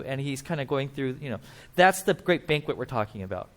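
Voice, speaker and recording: A man's voice: medium pitch, expressive, a little fast. A man preaching a casual, conversational sermon at a church, explaining with asides and acting out quotes. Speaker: pastor.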